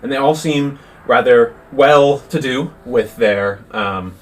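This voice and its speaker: A man narrating as game master with a relaxed, halting delivery full of fillers. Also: mid-range voice. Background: faint music.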